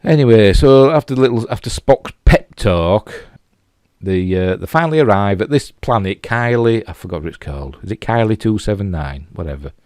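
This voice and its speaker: Deep-voiced Yorkshire man rambling casually. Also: lively intonation, normal speed, darkish tone, no room sound, clean studio sound. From Yorkshire, England. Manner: rambling, lots of "you know" and restarts. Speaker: TV episode reviewer. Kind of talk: casual spoken review.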